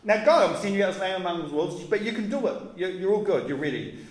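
A man's voice: sits high, animated, quick pace. A man in a sermon voicing Jesus as a laid-back adult man who talks to his friends like a mate, in casual slangy banter. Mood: encouraging. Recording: roomy echoey hall.

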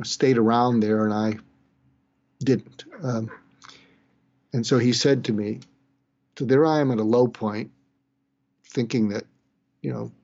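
An older man, a psychiatrist from the East Coast, tells a moving personal story in a halting way, with sighs, restarts and quiet moments. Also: mid-range voice, husky, highs cut off. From Boston, East Coast US. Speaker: psychiatrist telling his story. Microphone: webcam or video call.

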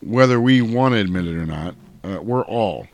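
A man hosting a podcast in casual, animated chat, laughing often and swearing freely. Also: lowish voice, moderate pace. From United States. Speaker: podcast host.

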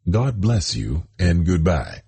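Deadpan alien farmer in an audiobook, blunt and bland; gravelly low voice, read by a man. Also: slow pace, full character voice. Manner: flat, dry.

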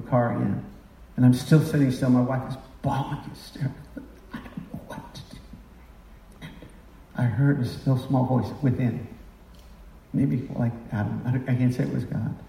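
A middle-aged male preacher delivers a confessional, emotional sermon that swells into impassioned outbursts. His voice is mellow and warm. It is picked up from a distance in an echoing room. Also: mid-range voice, vocal fry. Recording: roomy sound from a distance.

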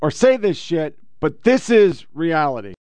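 A man's voice: fairly high pitch, big pitch swings, unhurried, darkish tone, a little hiss or hum. A man hosting a political commentary show, reacting to a clip in a blunt, profane, incredulous way. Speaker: podcast host.

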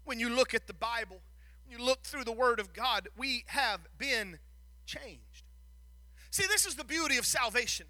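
A middle-aged man preaching a sermon, folksy, quoting scripture, swinging from quiet asides to shouted passages. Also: very high-pitched, expressive, moderate pace, no echo. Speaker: pastor.

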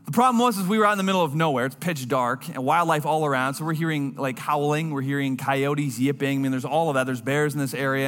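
A man preaching a sermon, telling a personal story in an earnest voice that drops low and quiet at tender moments. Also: big-room sound, slight background noise.

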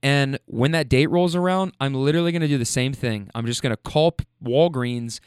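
A man's voice: mid-range voice, fairly quick, clean tone, dry recording, clean studio sound. A man, a driver, telling stories in a casual way, laughing often and swearing now and then. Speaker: rideshare driver and storyteller. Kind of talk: casual storytelling.

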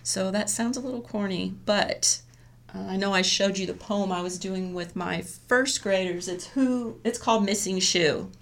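In a relaxed professional conversation, a woman who teaches elementary school walks through one of her classroom methods. She talks at a normal speed in a mid-range voice, staying warm and talkative and laughing frequently.

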